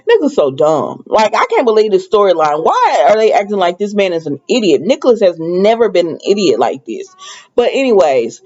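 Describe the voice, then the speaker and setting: A woman chatting through a casual TV show recap, animated and laughing between sentences. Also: mid-range voice, normal speed, lo-fi sound. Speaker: TV show reviewer.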